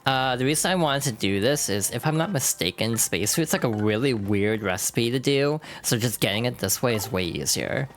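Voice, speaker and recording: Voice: mid-range voice, expressive, normal speed, few pauses, a little hiss or hum. A streamer chatting casually while playing through a game, often correcting themselves mid-sentence. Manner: chatty, self-correcting, reads game text aloud. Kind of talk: casual let's-play commentary.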